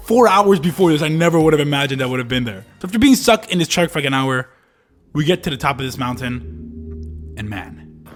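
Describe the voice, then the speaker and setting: A young man in his early twenties from Canada, telling a travel story in a laid-back, slangy voice-over. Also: sits high. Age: early 20s. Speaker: travel vlogger. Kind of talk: casual voice-over narration. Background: faint background music.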